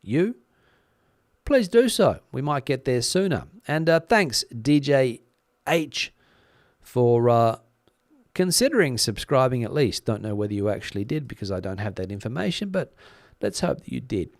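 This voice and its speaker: A man's voice: medium pitch, very animated, normal speed, no echo, clean studio sound. A man hosting a live stream, chatting casually with viewers, with frequent fillers and a slightly worn voice. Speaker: YouTube news channel host.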